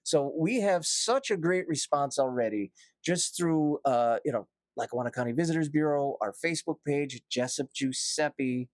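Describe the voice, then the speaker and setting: A man's voice: on the high side, normal speed, hardly any pauses, no echo. A man, a barber shop owner guesting on a podcast, talking with enthusiasm and rattling off lists. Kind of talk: casual podcast chat.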